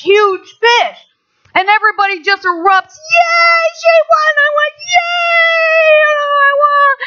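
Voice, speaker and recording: A woman on a church staff, sharing a personal testimony in a chatty, animated way, often acting out other people's voices. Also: extremely high pitch. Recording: dull lo-fi sound.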